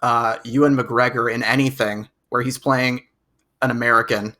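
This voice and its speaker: A man co-hosting a movie podcast in loose, casual chat. His voice is bright and forceful. He rambles and stumbles over repeated words as he works through his thoughts. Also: mid-range voice, level tone, moderate pace. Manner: rambling, restarts with stacked repeats. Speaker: podcast co-host.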